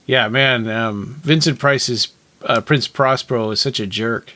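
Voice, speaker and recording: A man's voice: medium pitch, measured pace, bright, forceful tone. A man co-hosting a podcast, chatting casually and agreeably about a film as it plays. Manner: easygoing, agreeable, often laughing along. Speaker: podcast co-host. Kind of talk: casual film commentary chat.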